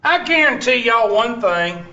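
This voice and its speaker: A man with a Southern US accent teaches a math class, joking with his students and teasing them in a folksy way, leaning heavily on "y'all." His extremely high voice is sing-song and sharp at a measured pace, recorded distantly in an echoey classroom with dull lo-fi sound.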